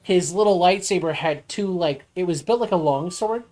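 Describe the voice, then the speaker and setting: A man's voice: high-pitched, moderate pace, a little mellow. A man streaming, chatting casually in a rambling, nerdy, teasing way. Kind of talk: casual chat.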